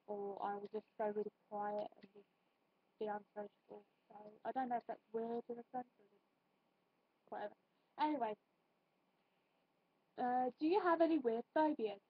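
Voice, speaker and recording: Giggly high-voiced woman vlogger. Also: breathy edge, dry recording, lo-fi sound. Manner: chatty, giggly, rambling with many fillers. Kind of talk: casual tag video chat.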